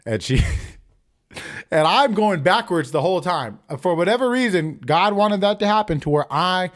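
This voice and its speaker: A man's voice: sits high, lively intonation, moderate pace, fairly bright tone. A man in his thirties hosting a podcast, telling stories in loose, profane casual chat and laughing often. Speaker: podcast host.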